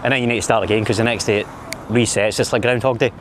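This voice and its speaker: Walking down a busy city street with a camera mic, this Scottish vlogger from Glasgow rambles and mocks himself in good humor. He talks very fast in a fairly low, steady voice against a noisy background.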